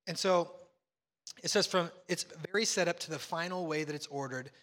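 Middle-aged pastor guy preaching, bright high voice, echoing church hall. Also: moderate pace. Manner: animated, acts out dialogue. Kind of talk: sermon.

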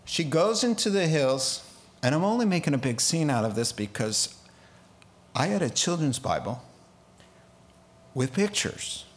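A man teaching a casual Bible sermon, acting out the characters in the story with lively asides. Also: on the high side. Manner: animated, acts out biblical characters with quick asides and laughs. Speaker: preacher.

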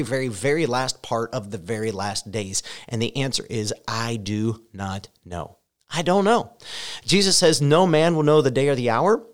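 A man preaching a sermon as pastor, speaking earnestly and directly to his listeners, rising loud and emphatic when he reads scripture. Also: mid-range voice.

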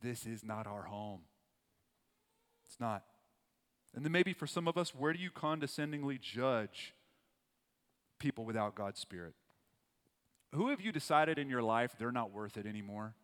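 A man's voice: medium pitch, expressive, measured pace, long pauses. A man preaching a sermon to a church congregation, earnest and emphatic, repeating his key phrases. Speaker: pastor. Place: church auditorium. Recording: long hall reverb.

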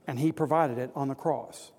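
A man's voice: mid-range voice, steady tone, normal speed, darkish tone, long reverb tail. A man preaching a sermon to an audience of men, earnest and exhorting, building to emphatic repetition.

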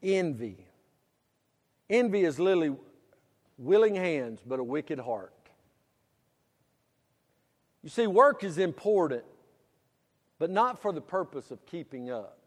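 A middle-aged pastor preaching with a high, ringing voice. He climbs into loud, drawn-out preaching and drops back to quiet, plain storytelling. The sound carries the long reverb of a church hall. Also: very animated. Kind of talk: sermon.

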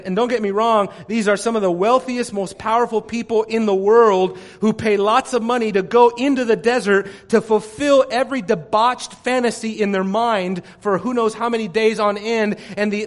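Male pastor, high-pitched, fervent sermon delivery with sharp swings in loudness. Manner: impassioned preaching, swinging from loud declarations to hushed near-whispers.

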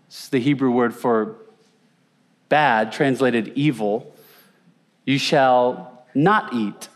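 A man's voice: mid-range voice, slow pace, pauses often. A man teaching a conversational Bible lesson, asking his audience questions and repeating words for emphasis. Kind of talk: teaching sermon with slides.

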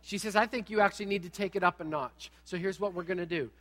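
A middle-aged man preaching a sermon, telling a personal story with animated, humorous asides. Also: sits high, fast, big-room sound.

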